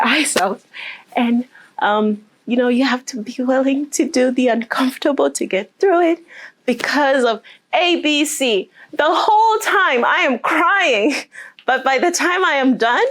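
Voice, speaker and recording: A woman speaking as a motivational speaker, telling a personal story with emotion and then guiding a group through deep breaths and affirmations. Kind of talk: motivational talk to a live group.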